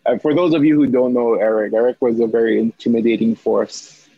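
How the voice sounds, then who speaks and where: A young man with a husky, slightly breathy voice tells a story about himself, jumping up into frantic acted-out lines and stumbling over repeated words. The sound is dry and a little dull, close to the mic with no room around it. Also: mid-range voice, steady tone, a little fast, no echo. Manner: acts out his own panicked quotes, stammering repeats. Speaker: athletic trainer guest. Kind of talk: animated storytelling.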